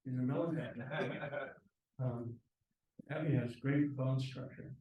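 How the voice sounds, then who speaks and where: A man giving a slideshow lecture at a university, relaxed and halting, with frequent ums and restarts. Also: mid-range voice, muffled recording. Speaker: guest lecturer. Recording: echoey lecture room from far off.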